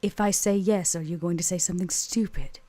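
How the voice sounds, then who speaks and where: Woman as a deadpan vampire mentor, low husky voice, dry close sound, teasing. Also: fairly quick, dry recording, lightly acted. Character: adult female vampire mentor, dry and blunt. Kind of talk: tabletop role-play in character.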